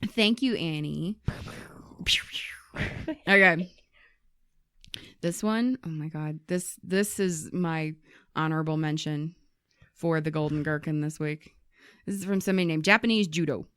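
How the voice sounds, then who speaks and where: A woman co-hosting a casual podcast, telling and reading listener stories with lively voices for the people she quotes and plenty of swearing. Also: deep voice, unhurried, long pauses, clear, resonant tone, no echo, clean studio sound. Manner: animated storyteller, acts out quoted people, swears freely. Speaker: podcast co-host.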